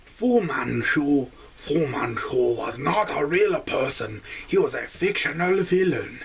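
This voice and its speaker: A theatrical villain voice, slow and exaggerated, as a man puts it on for a comedy vlog. It sits higher than his normal talk and comes out loud. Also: lively intonation, crowd noise.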